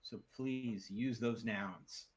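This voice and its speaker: Husky low-ish guy bossing his team around in a game chat. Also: drawn-out words, rough recording. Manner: instructive, lecturing teammates. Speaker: host organizing the team.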